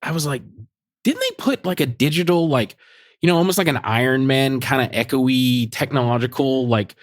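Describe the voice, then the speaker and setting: A man co-hosting a podcast, chatting casually about a TV episode, relaxed and quick to laugh, hedging with "like.". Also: mid-range voice, no echo, studio quality. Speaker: podcast co-host. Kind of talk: casual chat reviewing a TV episode.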